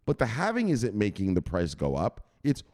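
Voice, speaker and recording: A man with a lowish voice hosts a crypto news channel, explaining a price chart in a loose, offhand way. His pitch swings widely as he talks, and he swears freely along the way. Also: moderate pace. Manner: animated, swears freely, mocks imagined viewers in a high squeaky voice. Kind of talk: casual explainer talking over a chart.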